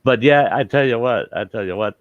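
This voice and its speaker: A man's voice: medium pitch, brisk, no echo. A man hosting a casual chat in a folksy way, laughing often. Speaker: host. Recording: dry, dull lo-fi sound.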